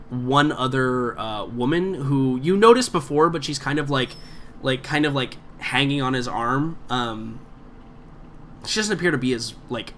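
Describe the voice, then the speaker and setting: A man's voice: medium pitch, a bit bright, slight background noise. A man narrating as game master in a tabletop game, rambling with many fillers and restarts.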